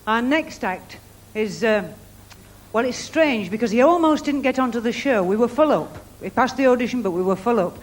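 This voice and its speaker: A woman's voice: fairly high pitch, lively intonation, normal speed. A woman presenting a televised talent show, chatting and building up to the next act's name. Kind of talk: introducing acts on stage. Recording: old TV broadcast with music behind.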